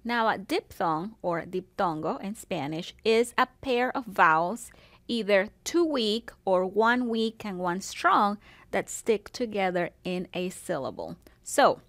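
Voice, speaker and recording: A woman's voice: medium pitch, lively intonation, a little slow, dry recording. A woman teaching a Spanish class on video, explaining grammar in a patient way and checking in with "okay" and "see".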